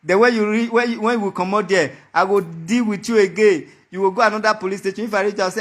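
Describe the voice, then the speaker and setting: A man's voice: high-pitched, fairly even intonation, quick pace, few pauses, fairly bright tone. A man with a Nigerian accent giving a heated monologue to the camera, taunting and mocking, repeating his threats over and over. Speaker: vlogger.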